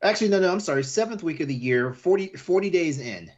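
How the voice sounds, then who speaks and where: A man's voice: fairly high pitch, expressive, fast talker, highs cut off. A man hosting a casual late-night podcast, rambling and repeating his words, and laughing often. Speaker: podcast host.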